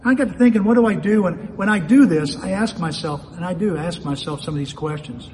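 A man's voice: high voice, fairly quick, darkish tone. A man preaching a sermon in a folksy way, often asking himself questions aloud. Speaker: pastor. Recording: long reverb of a hall, faint ambient noise.

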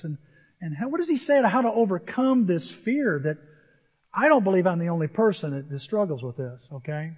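Older man, high voice, sermon, husky tone, long hall reverb, dull lo-fi sound. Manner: animated storytelling, acts out voices. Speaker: pastor.

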